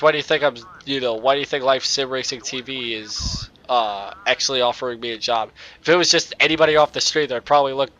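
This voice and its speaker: A young man with a nasal voice, rambling excitedly and swearing at the game while he plays and chats on a cheap microphone. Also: medium pitch, dry recording. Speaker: gaming YouTuber. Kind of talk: casual gameplay commentary.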